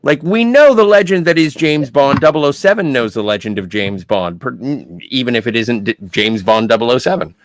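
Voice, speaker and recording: A man's voice: medium pitch, brisk, hardly any pauses, no echo. A man co-hosting a podcast, chiming in with enthusiastic fan reactions. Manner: enthusiastic fan, excitable asides. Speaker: podcast co-host. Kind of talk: casual podcast chat.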